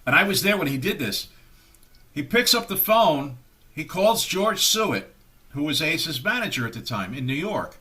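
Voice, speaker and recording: A man in his sixties with a bright, forceful, slightly high voice rambles through old band stories. He acts out the people he quotes, jumping into their voices mid-story. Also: sing-song, moderate pace. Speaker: guest musician. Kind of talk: anecdotal storytelling interview.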